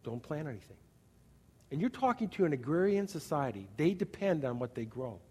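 A man preaching in a large church, his voice sitting a little high for a man. He is animated, acting out small scenes and dropping from loud bursts to hushed, quiet asides. A long reverb from the hall trails every phrase. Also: a little fast, breathy edge. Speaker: pastor. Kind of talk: sermon.

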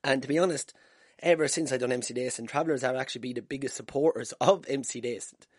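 An Irish man chats alone into a wired mic in a room at home, telling stories in a loose, swearing, self-mocking way. His voice is husky at a middling pitch. The sound is dry and close, with no echo. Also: quick pace. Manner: swearing, self-deprecating, laughing at himself. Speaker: podcast host. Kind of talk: casual solo podcast storytelling. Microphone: wired podcast mic.

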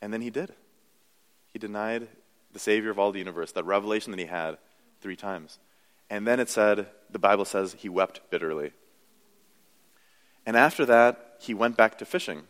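A man's voice: on the low side, moderate pace, pauses often, a bit bright, long reverb tail. A young adult man preaching a sermon in a conversational, self-deprecating way, full of "you know"s. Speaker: pastor.

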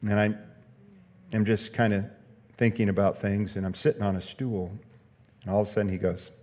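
A man's voice: on the low side, steady tone, normal speed, mellow, big-room sound. A male pastor preaching a sermon, telling a story earnestly and hammering points home with repeated phrases.

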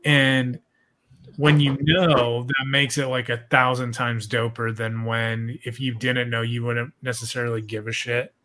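A man's voice: medium pitch, level tone, measured pace, sharp tone. A young man hosting a podcast, chatting casually in a laid-back, rambling way with lots of swearing. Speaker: podcast host.

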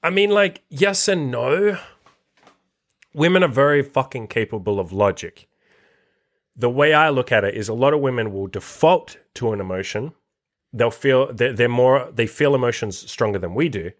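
A man with a mid-range voice and moderate pace hosts a casual podcast monologue. As a dating coach reacting to a written list, he's animated, blunt and profane, cursing constantly.

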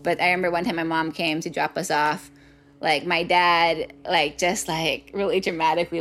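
A woman from Hawaii telling a personal story in conversation, animated and full of "like" fillers. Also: fairly low pitch, moderate pace. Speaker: guest.

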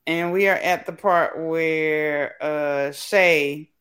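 Animated co-host in casual chat. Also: medium pitch, drawn-out words.

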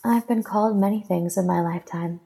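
A woman voicing a teasing female goddess in a soft, lilting, crooning way. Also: medium pitch, a little fast, gravelly, breathy edge.

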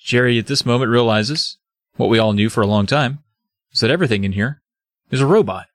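A man's voice: mid-range voice, brisk, no room sound, clean studio sound. A man recapping a spooky kids' book with jokes, acting out the characters as he goes. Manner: animated, acts out voices mid-story. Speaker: podcast co-host.

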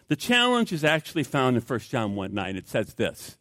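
A middle-aged man preaching with a lively, swooping delivery that climbs into sudden emphatic bursts. His voice sits a little high for a man. The sound is close and dry. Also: normal speed, dry recording. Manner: emphatic, repetitive, with rising outbursts. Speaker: pastor. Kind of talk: sermon.

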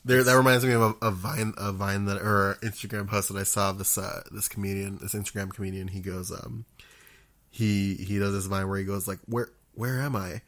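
A man with a fairly low voice chatting casually about a video game. He hesitates often, filling gaps with ums and starting his sentences over. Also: level tone, fairly quick, fairly bright tone. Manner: hesitant, many ums and restarts. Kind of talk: casual chat.

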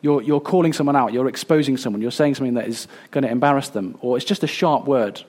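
A man in his thirties preaching a sermon, earnest and a little halting, with fillers and restarts. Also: medium pitch, a little mellow. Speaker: pastor.

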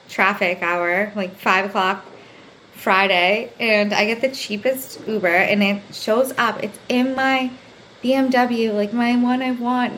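A young woman hosting her own podcast, telling a story in a casual, animated way, swearing freely, filling her talk with "like" and acting out the people she quotes. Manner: animated, acts out quotes with big pitch jumps; swears freely, says "like" constantly. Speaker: podcast host. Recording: faint background noise.

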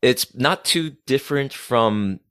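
A man's voice: mid-range voice, lively intonation, slow pace, a bit bright, clean tone, dry recording, clean studio sound. A man from Rhode Island, a podcast guest chatting casually, playful and self-mocking, rambling with restarts. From Rhode Island, USA.

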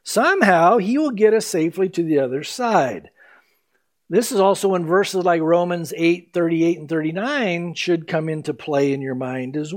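A male pastor preaching a sermon, animated, acting out scripture quotes in his teaching. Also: high-pitched.

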